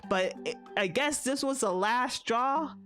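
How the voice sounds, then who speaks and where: A woman's voice: on the high side, expressive, measured pace, a bit bright. A woman streamer telling a story in casual chat, blunt and chatty, swearing freely and laughing often. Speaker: VTuber streamer. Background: faint background music.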